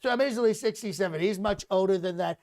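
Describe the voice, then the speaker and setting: A man's voice: high-pitched, quick pace, a little mellow. A man doing a comic impression of a boastful, rambling older male president, repeating himself as he brags. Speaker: comedian doing a live mock press conference.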